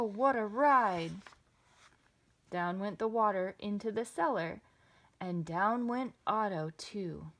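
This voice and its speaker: A woman reading a children's picture book aloud with expressive, sing-song delivery. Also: medium pitch. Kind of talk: children's storybook read-aloud.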